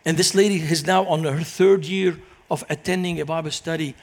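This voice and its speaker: A middle-aged man from Lebanon, preaching in a lively storytelling manner as a guest speaker. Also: a little high, brisk. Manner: animated, acts out quoted voices in anecdotes. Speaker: guest speaker, Christian minister. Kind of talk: storytelling sermon.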